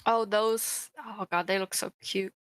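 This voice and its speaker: A woman playing a tabletop game, chatting casually and relaxed. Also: mid-range voice, a little slow, dry recording. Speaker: player.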